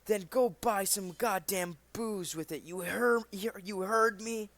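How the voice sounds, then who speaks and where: A drunken, abusive old father who barks crude orders, as a man reading a comic puts him on. The voice runs a little high and pushes loud. He is coarse and contemptuous. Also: a little slow, dry recording. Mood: shouting. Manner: barking, crude.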